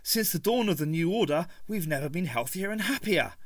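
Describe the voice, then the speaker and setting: A small Cockney tea-stall man, as a male reader puts him on, chirpy trader's patter laced with bitter grumbling. His voice rides up and down lively, in a dry, close sound. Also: a little high, moderate pace, creaky, dry recording, heavily acted.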